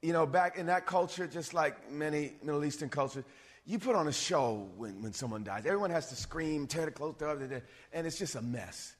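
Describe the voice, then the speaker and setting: A man preaching a sermon, animated, swinging between loud bursts and low asides. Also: normal speed. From suburbs. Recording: long reverb of a hall.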